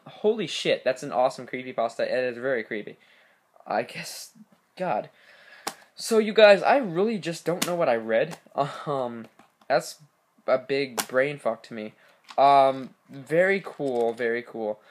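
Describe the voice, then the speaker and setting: A man's voice: medium pitch, lively intonation, a little hiss or hum. Stammering young-sounding male storyteller. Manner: stammering, many fillers, fast reader. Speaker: channel host. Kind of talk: casual horror story reading.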